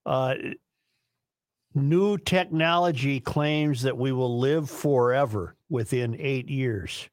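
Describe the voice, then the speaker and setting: Man, radio host, reads headlines, dictates word by word, unhurried. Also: medium pitch, no room sound, clean studio sound. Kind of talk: reading show headlines on air.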